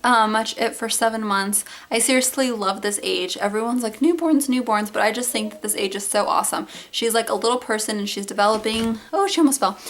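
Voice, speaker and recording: A woman's voice: medium pitch, little pitch movement, brisk, hardly any pauses, fairly bright tone. A young woman chatting casually through a baby update, talking to her viewers at home with lots of fillers. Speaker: mom vlogger.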